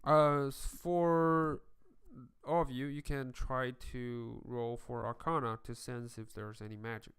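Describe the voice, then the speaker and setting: A man narrating a tabletop game as its game master. His voice is smooth and clear, and he speaks slowly, stopping often to restart his sentences. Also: medium pitch, level tone, fairly bright tone. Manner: halting, with many fillers and restarts.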